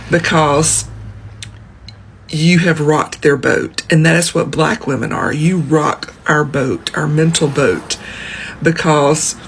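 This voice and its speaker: A man giving earnest social commentary, speaking slowly in deliberate, measured phrases. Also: fairly high pitch, creaky, fairly bright tone, slightly rough.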